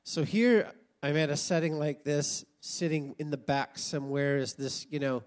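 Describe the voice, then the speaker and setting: An American man in his sixties telling a personal story as a sermon, animated and laughing often. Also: fairly high pitch, normal speed. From United States. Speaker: preacher.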